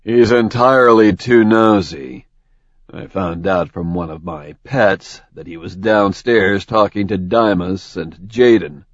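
A ruthless dark god with a cold, clipped, stern delivery, as a male narrator voices him. He speaks low and unhurried, the audio dry and slightly dull. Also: no room sound.

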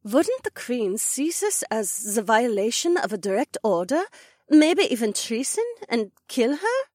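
A woman's voice: a little high, big pitch swings, a little slow, darkish tone, no room sound, studio quality. A woman voicing an alarmed young noblewoman who fires off urgent, rising questions. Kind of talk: audiobook dialogue acting.

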